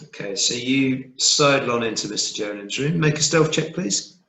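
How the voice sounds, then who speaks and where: A man's voice: medium pitch, moderate pace. Laid-back guy gm-ing a tabletop game, mid voice, echoey room. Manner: relaxed, playful, asks players for checks. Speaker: game master.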